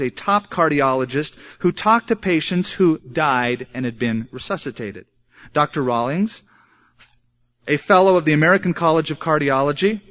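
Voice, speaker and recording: A man preaching an earnest sermon, slowing down hard for emphasis. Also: on the high side, a bit bright. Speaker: pastor. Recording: dull lo-fi sermon recording.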